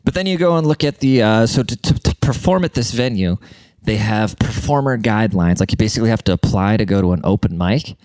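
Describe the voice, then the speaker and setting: Blunt, profane man with a smooth low voice. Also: expressive, fairly quick, a little mellow, no room sound. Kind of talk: casual monologue.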